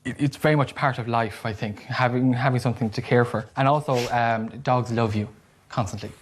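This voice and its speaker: A man's voice: medium pitch, steady tone, brisk. An Irish man and community board member, speaking earnestly and reflectively in a documentary interview.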